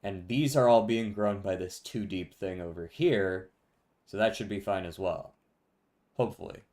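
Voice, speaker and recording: A man's voice: low voice, normal speed. Laid-back man streaming a game. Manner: relaxed, talking to chat, laughs often. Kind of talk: casual gameplay commentary.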